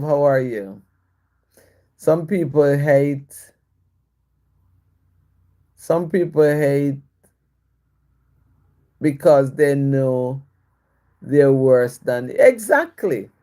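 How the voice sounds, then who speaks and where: A woman chats through a personal story on a live video. Her pitch swings freely as she talks. She often stops to bless and greet her viewers. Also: lively intonation, slow pace, long pauses. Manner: warm blessings to viewers, repetitive and reflective. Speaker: live-stream host.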